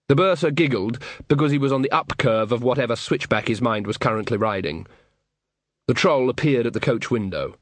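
A man narrating an audiobook in a measured, wry storytelling manner. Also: on the low side, no room sound. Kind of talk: scripted narration.

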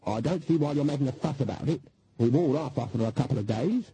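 A man's voice: mid-range voice, fast, dark tone, slightly rough, rough recording. A man voicing a stern, commanding old woman witch with a brusque manner, read as an audiobook character. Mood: haughty.

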